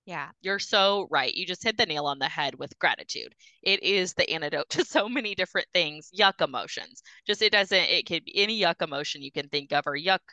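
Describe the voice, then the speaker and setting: Encouraging woman host, low bright voice. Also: animated, a little fast, hardly any pauses, dry recording, poor audio. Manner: encouraging, chatty, affirming. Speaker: podcast host. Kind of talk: casual faith talk.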